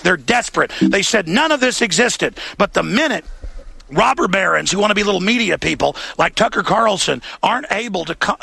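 High gravelly ranting man. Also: bright, forceful tone, dry recording. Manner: impassioned, ranting. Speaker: host. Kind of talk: talk show rant.

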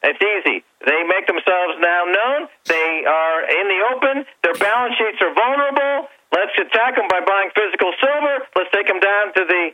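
A man's voice: sits high, expressive, normal speed, hardly any pauses. A man calling in as a guest on a talk show, speaking in a fiery, bombastic, provocative way over the phone. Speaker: guest financial commentator. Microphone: telephone. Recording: muffled phone line.

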